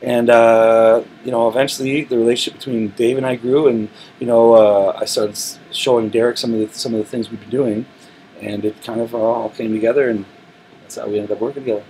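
A man's voice: medium pitch, fairly quick, slight background noise, rough recording. A male musician in a studio interview, telling rambling stories with lots of restarts. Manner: relaxed, rambling storytelling with frequent restarts. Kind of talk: casual interview talk. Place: recording studio.

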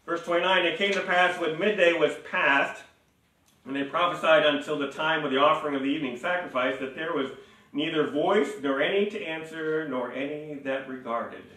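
A man preaching a sermon as pastor, animated and laughing, acting out mocking voices as he reads. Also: a little high, normal speed. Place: church sanctuary. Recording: echoey church hall, mic at a distance.

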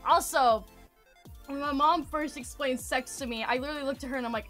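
A woman streamer tells stories in a loose, animated way, stacking fillers and stopping to greet viewers. Her voice sits high and sounds sharp and bright. Faint music plays behind her. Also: brisk. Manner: animated, rambling with many fillers, greets chat. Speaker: livestreamer. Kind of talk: casual storytelling chat.

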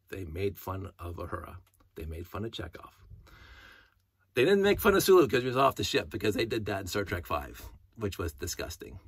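Middle-aged man, husky voice, casual rambling vlog, wanders off on tangents, hums to himself. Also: on the low side, a bit bright. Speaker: hobbyist vlogger.

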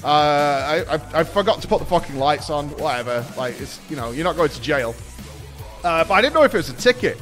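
A British man in his thirties hosting a podcast, telling a story in a casual, animated way and swearing freely. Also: a little high, a little fast, faint music behind. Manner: animated, swears, laughs while telling stories. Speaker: podcast host.

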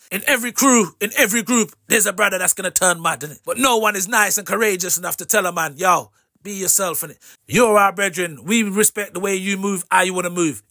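A man's voice: high voice, bright, forceful tone, no echo, clean studio sound. A man hosting his own vlog, talking straight to camera in casual street slang and ending lines with "innit". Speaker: vlog host. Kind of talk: direct-to-camera commentary.

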